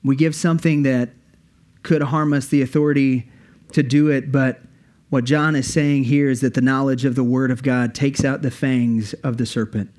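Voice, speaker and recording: A man's voice: medium pitch, steady tone, moderate pace, darkish tone. A male pastor preaching a sermon earnestly, building his points with repeated phrases.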